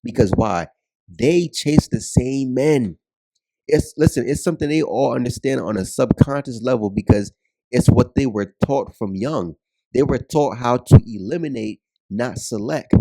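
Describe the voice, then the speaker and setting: A man's voice: mid-range voice, measured pace, warm tone, dry recording. A man giving a blunt, profane video commentary, ranting and repeating himself to drive points home.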